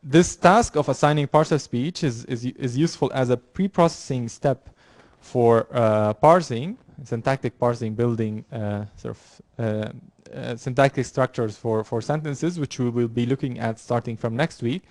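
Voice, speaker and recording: Halting male university lecturer. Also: mid-range voice, darkish tone, no echo. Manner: halting, many fillers and restarts. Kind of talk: classroom lecture. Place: lecture room.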